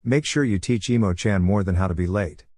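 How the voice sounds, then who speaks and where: A man voicing a sharp-tongued teenage ninja girl who talks in a snappish, sarcastic way. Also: deep voice, fairly quick, dry recording, studio quality. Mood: irritated.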